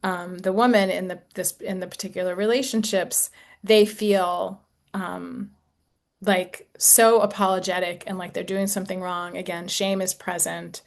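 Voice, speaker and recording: A woman in her sixties, an intimacy coach talking gently and reflectively to a group, with casual fillers. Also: on the low side, level tone, unhurried, gravelly. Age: 60s. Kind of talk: talk to a group.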